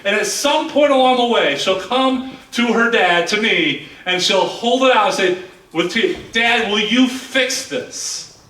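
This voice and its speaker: A man's voice: sits high, moderate pace, bright, forceful tone. A man in his thirties preaching a sermon as pastor, earnest and repeating words as he builds his points. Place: church sanctuary. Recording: echoey church hall from far off.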